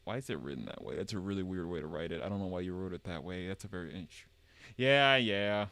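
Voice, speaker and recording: A man's voice: sits low, very fast, a little mellow. A man on a live stream reading game dialogue aloud and commenting on it wryly, often stumbling and correcting himself.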